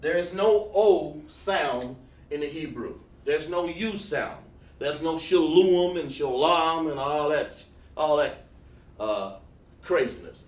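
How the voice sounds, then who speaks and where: Man, casual livestream teacher, rambling and chatty, slightly high voice, echoey room, off-mic. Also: expressive, slow, a little mellow, far from the mic. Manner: loose and chatty, drawing on a board while talking to viewers.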